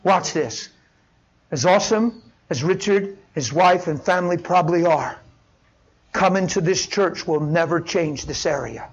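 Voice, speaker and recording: A middle-aged man preaching a sermon as pastor, impassioned, dropping to a hush and rising to shouts. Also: fairly high pitch, unhurried, husky, lo-fi sound. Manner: impassioned, swings from hushed to shouting.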